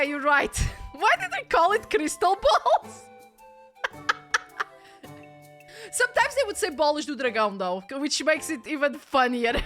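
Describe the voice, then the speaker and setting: Give me a young Portuguese-accented woman streaming a game, high-pitched, laughing and chatting casually. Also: a little slow, pauses often, faint music behind. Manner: excitable, laughs often, swears casually. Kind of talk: casual chat while gaming.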